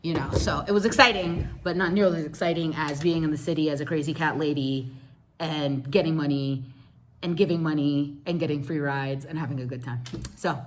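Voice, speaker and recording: A woman telling a story casually to her viewers, animated and slangy, laughing as she goes. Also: low-pitched, a little fast, slight background noise.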